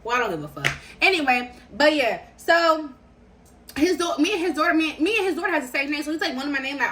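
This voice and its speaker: Young woman vlogger, bright, animated storyteller with slangy, repetitive delivery. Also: high voice, fairly quick, a little hiss or hum. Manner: slangy, animated, repeats phrases for emphasis. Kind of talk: casual storytelling.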